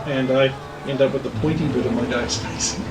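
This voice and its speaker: A man's voice: mid-range voice, steady tone, fairly quick, noisy background. A man narrating a tabletop game as game master, playful and theatrical. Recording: roomy, distant, music behind.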